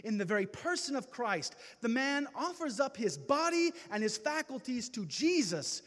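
A man giving an impassioned testimony sermon to a gathering, preaching with slow dramatic pauses. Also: extremely high pitch, sing-song, a bit bright. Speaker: speaker at a men's gathering. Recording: reverberant hall.

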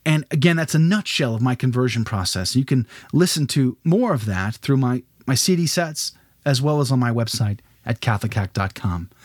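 A man's voice: mid-range voice, expressive, moderate pace, dry recording, clean studio sound. A man giving a religious lecture, building up with rhetorical questions and dramatic phrasing.

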